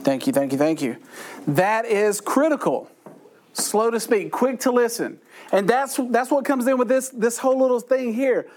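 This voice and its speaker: High-voiced man teaching Bible study. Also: lively intonation, moderate pace, a little mellow. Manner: joking, conversational, self-deprecating asides. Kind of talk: humorous Bible study talk.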